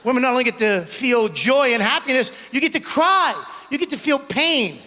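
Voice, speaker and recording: A young man performing a stand-up set on stage, animated, shouting punchlines and acting out voices. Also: very high-pitched, moderate pace. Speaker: stand-up comedian. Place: comedy club stage before a live audience. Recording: live stage audio with long hall reverb.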